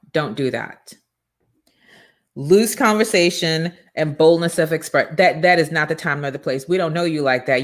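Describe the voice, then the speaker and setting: A woman hosting a motivational morning show, talking in an energetic, preachy and emphatic way from a studio. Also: deep voice. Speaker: show host and business coach.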